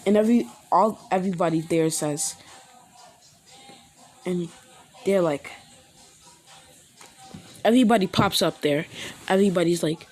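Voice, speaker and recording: A woman's voice: on the low side, slow, pauses often. A woman casually improvising a story, rambling and correcting herself as she goes.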